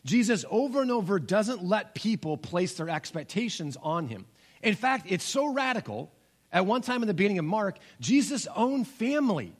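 A man's voice: high voice, slightly rough. A man in his forties preaching a sermon as pastor, telling stories and acting out the voices in them. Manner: storytelling, acts out voices in quotes.

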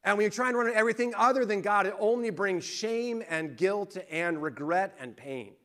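A male pastor gives a conversational sermon, telling stories and building up to emphatic points. His voice is high-pitched and a bit bright, at a normal speed.

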